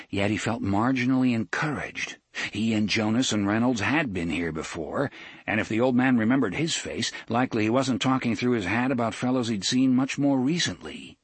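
A man narrating a story in an expressive storytelling manner. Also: lowish voice, moderate pace, slightly rough, no room sound. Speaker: audiobook narrator. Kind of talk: scripted narration.

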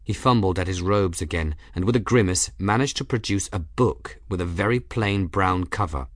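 A man with a low voice reads a fantasy novel aloud at a steady, measured pace. The recording is close and dry with no room sound. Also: dry recording. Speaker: audiobook narrator. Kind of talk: scripted narration.

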